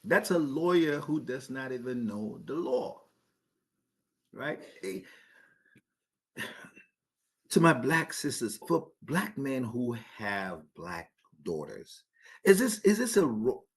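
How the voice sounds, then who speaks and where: A man's voice: medium pitch, very animated, a little slow. A man hosting a podcast, giving opinionated commentary, asking rhetorical questions and often restarting sentences with repeated words. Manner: emphatic, repeats words when starting sentences; poses rhetorical questions to listeners. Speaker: podcast host.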